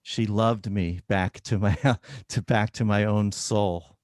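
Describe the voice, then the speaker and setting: Low-voiced male doctor telling a story. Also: takes it slowly, no echo. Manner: animated storyteller, acts out dialogue. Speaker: oncologist, guest. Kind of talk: personal storytelling in an interview.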